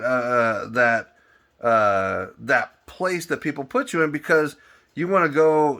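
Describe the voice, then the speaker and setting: Bright-voiced man on an angry rant. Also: medium pitch. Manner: angry, swearing, repeats words as he builds up. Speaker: vlogger. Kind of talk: profane political rant.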